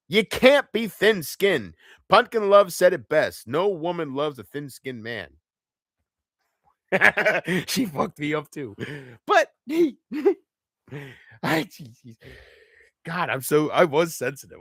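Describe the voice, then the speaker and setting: Rambling, swearing man with a lively voice. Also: on the high side, no room sound, clean studio sound. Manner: rambling, profane, self-deprecating, laughs often. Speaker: livestream host. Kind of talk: rambling live chat.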